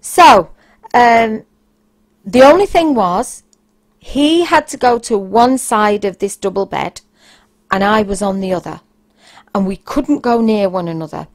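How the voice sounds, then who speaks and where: A woman's voice: medium pitch, expressive, measured pace, pauses often. A woman, hosting a podcast and telling frank anecdotes in a casual, blunt way, sometimes raising her voice for emphasis. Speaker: podcast host.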